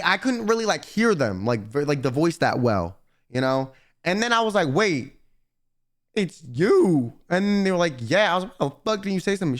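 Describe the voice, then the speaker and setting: A man streaming live, casually telling a long convention story to his chat, rambling and swearing a lot. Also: medium pitch.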